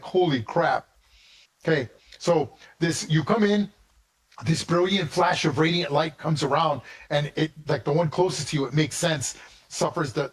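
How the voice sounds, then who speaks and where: A man's voice: fairly high pitch, rough recording. A man narrating and running a tabletop game as game master, talking casually with many restarts.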